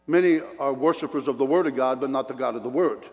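Talking fast in a medium-pitched, slightly mellow voice, the man preaches through personal stories. He chuckles between points and dramatizes what others said, and the hall adds a long reverb.

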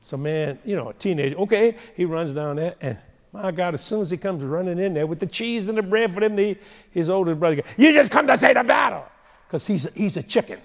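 A male preacher delivering a sermon with humorous, animated storytelling, recorded in a large hall with a long reverb. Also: high voice, fast.

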